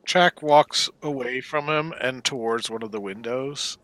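A man's voice: medium pitch, a little slow, fairly bright tone, no room sound. A man playing a tabletop game, describing his character's actions between laughs. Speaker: player. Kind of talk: tabletop role-play.

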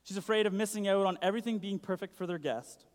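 A man's voice: sits high, fast. A young man giving a casual sermon, chatty and full of "like". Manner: chatty, uses "like" a lot. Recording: long hall reverb.

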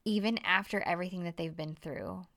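A woman's voice: lowish voice, fairly quick, a bit bright. A woman in casual chat, recapping a TV series and acting out the characters' lines with animation.

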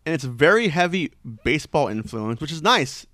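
A man with a slightly high voice in relaxed conversation, talking in loose, rambling runs full of "like" and restarts. The sound is dry and close, with no room around it. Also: normal speed, no echo. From Southern California. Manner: rambling, filler-heavy, many restarts. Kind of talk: casual chat.

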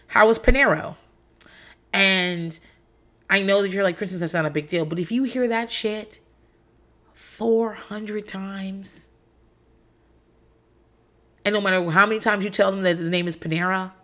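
A young woman talks loosely and bluntly, with plenty of swearing and laughter. Her voice sits a little low for a woman. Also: a bit bright. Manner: candid and profane, storytelling with laughs. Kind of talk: casual chat.

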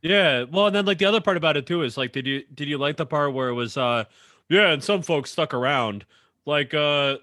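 Bright-voiced man rambling casually. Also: fairly high pitch, no room sound, clean studio sound. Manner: rambling, heavy on "like" fillers, profane. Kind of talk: casual chat.

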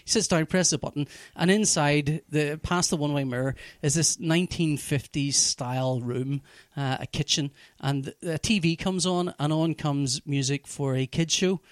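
A man telling a TV plot in casual chat, animated and profane, full of restarts. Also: on the high side, normal speed, no room sound, studio quality. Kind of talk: casual chat, recapping a TV show.

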